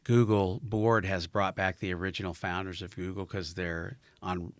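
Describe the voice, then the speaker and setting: A middle-aged man hosting a podcast, chatting casually and agreeing warmly with his guest on a close microphone. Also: low voice, moderate pace, clean tone, no echo. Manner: conversational, affirming, lively at sign-off. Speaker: podcast host. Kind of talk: casual interview chat. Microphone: close podcast mic.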